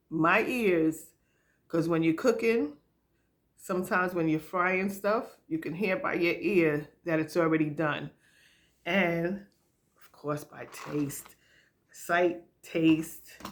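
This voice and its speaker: A woman's voice: fairly low pitch, a bit bright, a little hiss or hum. A middle-aged woman chatting casually while she cooks in her home kitchen, laughing often and talking straight to her viewers. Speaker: home cook vlogger. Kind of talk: casual cooking chat.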